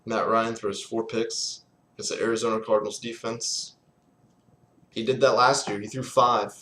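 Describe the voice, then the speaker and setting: A man's voice: lowish voice, steady tone, normal speed, sharp tone, slight background noise. Profane, exasperated man ranting. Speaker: sports fan vlogger. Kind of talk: casual ranting vlog.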